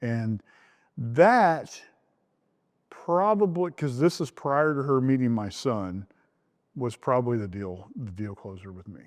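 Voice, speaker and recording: Slow and expressive, the middle-aged groom opens up in a recorded interview about how he came to meet his wife. When he performs the old conversations, his pitch shoots upward.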